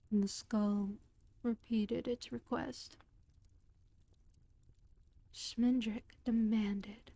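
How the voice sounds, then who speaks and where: A woman reads a storybook in a whispered role-play, her whisper very slow and unhurried. Her voice sits slightly high, and the close microphone catches it dry, with no room sound. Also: fairly even intonation, no echo. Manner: whispered, slow, gentle reading.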